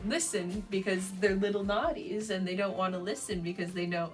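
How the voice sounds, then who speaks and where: A woman's voice: mid-range voice, normal speed, recorded from a distance, soft background music, poor audio. A young adult woman giving dog training advice in a casual vlog, chatty, with frequent laughs and fillers.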